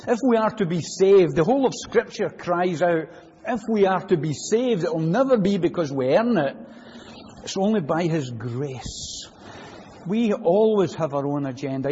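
A man preaching a sermon in a church, animated and full of rhetorical questions. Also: on the high side, slightly rough, big-room sound, lo-fi sound.

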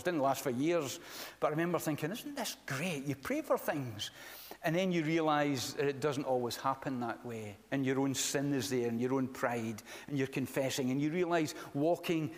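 Preacher in a reverberant hall. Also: male voice, medium pitch, normal speed. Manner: conversational, with many fillers and restarts. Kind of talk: sermon. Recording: long reverb of a large hall.

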